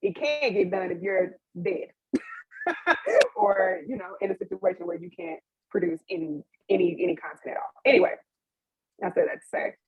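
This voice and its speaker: A woman's voice: mid-range voice, moderate pace, no echo. A young woman panelist on a video call, giving an open, emotional account with laughs and fillers. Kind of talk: candid personal account on a webinar panel. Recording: dry, husky, phone-like web call audio.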